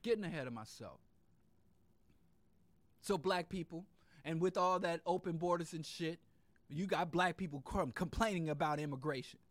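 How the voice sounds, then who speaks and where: A man delivering an impassioned political monologue, fiery and profane, hammering points in repetitive lists and dropping into low muttered asides. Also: moderate pace, pauses often, dry recording. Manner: swings between loud outbursts and low muttered asides. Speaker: podcast host.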